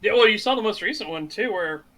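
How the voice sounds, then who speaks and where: A man co-hosting a casual podcast chat, talking bluntly and profanely with animated storytelling. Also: sits high, fast, a crowd in the background. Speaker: podcast co-host.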